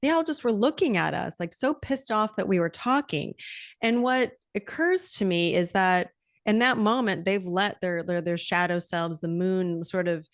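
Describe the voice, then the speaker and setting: Chatting casually as a podcast host, a middle-aged woman is frank and animated, cursing without restraint. She has a mid-range voice at ordinary speed, captured in a clean, echo-free studio.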